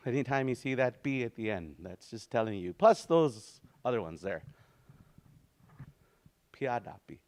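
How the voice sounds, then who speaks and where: A man teaching a language lesson in a relaxed, easygoing way, slowly repeating words for practice and often restarting his sentences. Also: medium pitch. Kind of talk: informal spoken language lesson.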